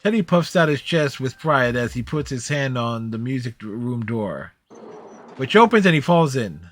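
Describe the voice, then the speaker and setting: Man, mid-pitched voice, reading game narration, first person, steady, small slips. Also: moderate pace, soft background music. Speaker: streamer reading a game story aloud.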